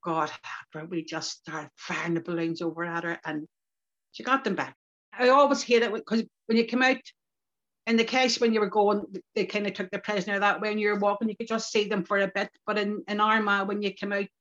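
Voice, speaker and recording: An older woman with a Northern Irish accent, telling lively stories from her past in a relaxed interview. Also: lowish voice, a little fast. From Northern Ireland. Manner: lively anecdotal, local turns of phrase. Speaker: community activist interviewee. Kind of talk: reflective storytelling. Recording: dull lo-fi podcast recording.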